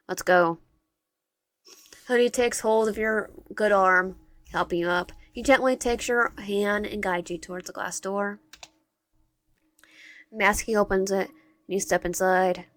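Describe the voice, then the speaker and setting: A woman's voice: medium pitch, a bit bright, no room sound. Woman reading a game aloud, tripping over words. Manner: stumbles and restarts words while reading. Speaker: game narrator and player. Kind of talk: reading a visual novel aloud.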